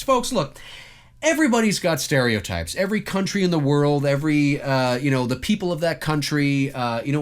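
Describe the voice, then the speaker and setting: A man in a vlogger's rant, talking straight to his viewers. His pitch leaps around as he gets worked up, and he fills gaps with ums and you-knows. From Toronto, Canada. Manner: animated, addresses viewers as folks, many fillers. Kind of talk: ranting monologue to camera.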